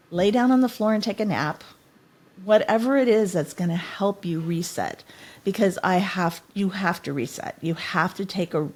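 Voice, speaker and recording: Middle-aged woman, podcast guest, earnest, heartfelt, lowish voice. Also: darkish tone. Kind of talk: podcast interview.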